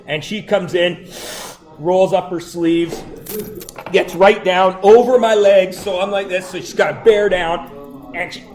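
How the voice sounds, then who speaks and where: A middle-aged male teacher telling funny personal stories to his class, animated and breaking into loud exclamations. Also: high voice, unhurried, soft background music. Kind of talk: storytelling to a class.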